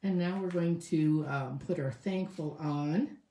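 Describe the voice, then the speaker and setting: A woman's voice: low voice, unhurried, mellow, echoey room. A woman showing a craft step by step in a casual tutorial, chatting and thinking aloud as she works. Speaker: crafting demonstrator.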